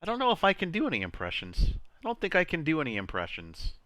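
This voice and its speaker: Male streamer host, casual playful banter, smooth clear voice, lively pitch, dry close sound, laughs a lot. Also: fast, dry recording. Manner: laughs often, rambling and playful.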